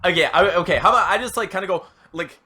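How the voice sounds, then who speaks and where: A man playing a tabletop game with friends, excitable and giggly as he talks through his character. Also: high voice, fast. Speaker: player.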